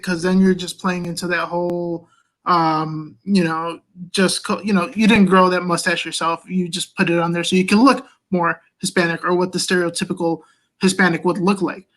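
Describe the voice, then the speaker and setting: A man speaking as a panelist on a video call, relaxed and rambling with fillers. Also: high voice.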